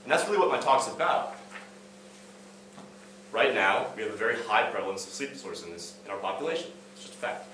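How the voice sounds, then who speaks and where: A young man tells a casual story on stage in a low voice, full of fillers and repeated words. He sounds set back from the mic, and the sound booms around a big echoey hall. A faint hum sits under it. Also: very animated, fast, long pauses, bright, forceful tone, recorded from a distance. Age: young adult. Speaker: student speaker. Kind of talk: student talk on stage.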